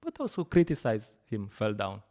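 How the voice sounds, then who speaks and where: A man giving a scripture class, telling stories in an animated way, often laughing and pausing with fillers. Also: on the low side. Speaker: lecturer at a temple program.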